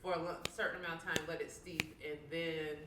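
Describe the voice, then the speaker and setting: A woman's voice: low-pitched, flat delivery, a little fast, far from the mic. A woman chatting on a podcast, earnestly explaining her habits in a casual way. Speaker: podcast co-host. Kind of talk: casual chat. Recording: echoey room, picked up from afar, crowd noise behind.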